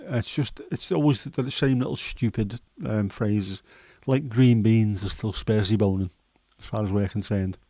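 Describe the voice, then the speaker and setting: A man in his fifties with a Scouse accent and a hoarse throat, hosting a casual chat livestream in a rambling, jokey way with many fillers. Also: lowish voice, steady tone, moderate pace, few pauses, mellow, no echo. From Liverpool, England. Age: 50s. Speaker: livestream host.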